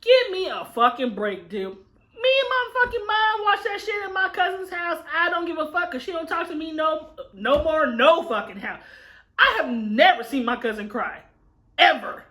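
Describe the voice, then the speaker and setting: A young adult woman co-hosting a food chat, telling stories in a loud, profane, animated way. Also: very high voice, normal speed. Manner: animated, profane storytelling with heavy swearing. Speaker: mukbang co-host, daughter. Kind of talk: casual chat.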